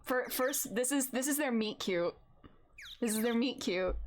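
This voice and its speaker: A woman's voice: a little high, measured pace. A woman streamer giving casual, giggly commentary while she plays a game, recorded at a desk microphone in her home setup. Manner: giggly, animated.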